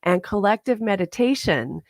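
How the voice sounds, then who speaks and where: A woman's voice: mid-range voice, expressive, moderate pace, dry recording, studio quality. A woman reverend giving a conversational sermon to her congregation, often chuckling and asking "right?".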